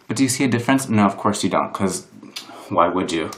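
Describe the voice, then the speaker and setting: A man's voice: lowish voice, lively intonation, a little fast, a little hiss or hum. A young man chatting through a casual makeup tutorial at home, rambling and mocking himself, filmed on a camera propped on a box. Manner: self-deprecating, rambling, full of "like". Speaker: vlogger. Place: room at home. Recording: roomy echo of a home room.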